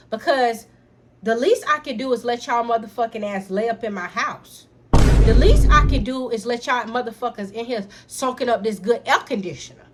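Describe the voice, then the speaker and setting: A young woman telling a personal story straight to camera in an animated, profane way, talking to her viewers as y'all. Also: fairly high pitch, normal speed, a little hiss or hum. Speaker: storytime vlogger. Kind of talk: casual storytime vlog.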